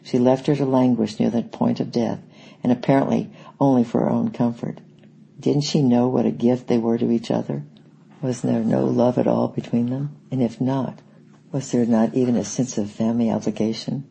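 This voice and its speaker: A man reading an audiobook in a steady, reflective way. His voice is dark and gravelly, and it stays even in pitch. It has a husky, breathy grain. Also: normal speed, low-quality recording. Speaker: audiobook narrator. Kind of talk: scripted narration.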